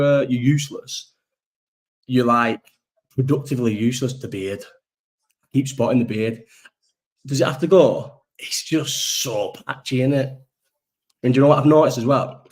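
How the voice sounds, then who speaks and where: A man's voice: medium pitch, normal speed, a little mellow. Lad hosting a loose live chat, sweary and jokey, talking into his laptop mic. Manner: rambling, sweary, jokey banter. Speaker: livestream host. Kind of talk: casual live chat reading viewer comments. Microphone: laptop built-in microphone.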